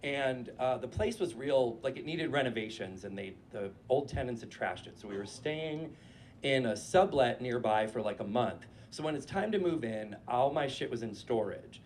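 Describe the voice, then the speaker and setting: A man in his forties from New Hampshire, telling a casual, profane and animated story on stage before a live audience. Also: medium pitch, normal speed, a little hiss or hum.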